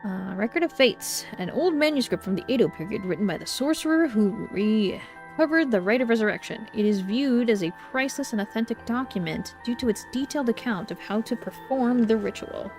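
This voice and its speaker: A woman's voice: on the high side, lively intonation, brisk, darkish tone, soft background music. A woman streamer reading game dialogue aloud and reacting, easily frightened and jumpy. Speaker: streamer playing a horror visual novel.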